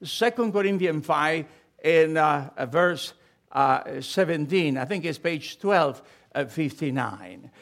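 Lively, high-voiced preaching man. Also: slow. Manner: impassioned preaching with storytelling asides. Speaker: pastor. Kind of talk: sermon.

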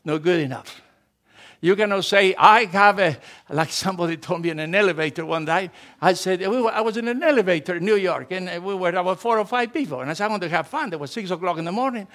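A middle-aged male pastor preaching an animated sermon, swinging from emphatic rises to soft asides, speaking as a with grammar. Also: high-pitched, fast talker.

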